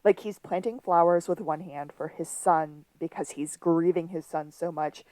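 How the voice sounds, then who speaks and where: A woman's voice: fairly low pitch, steady tone, moderate pace, darkish tone, no echo. A woman co-hosting a podcast, chatting casually as she recaps a TV episode and retells its scenes. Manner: chatty, laughs often, retells scenes with quoted lines. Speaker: podcast co-host.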